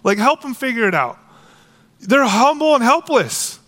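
A man preaching a sermon as a pastor, casual and animated, acting out quoted voices. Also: very high-pitched, unhurried.

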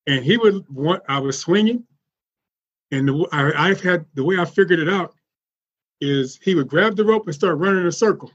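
A man telling animated stories as a podcast guest, laughing often as he goes. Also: a little high, fairly quick, breathy edge, dull audio. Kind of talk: casual storytelling.

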